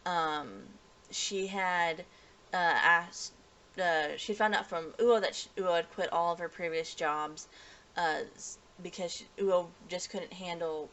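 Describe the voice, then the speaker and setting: A woman's voice: on the low side, steady tone, slow pace, fairly bright tone. A woman casually recapping an anime episode as a reviewer, rambling and restarting sentences with many fillers.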